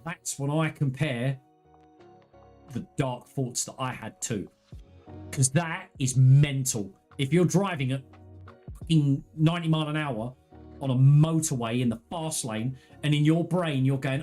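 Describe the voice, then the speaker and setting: A man with a mid-pitched voice talks casually to his live-stream audience. He is candid and earnest, rambling through personal stories with restarts and asides. Faint music plays behind him. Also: a little slow, dark tone. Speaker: gaming streamer.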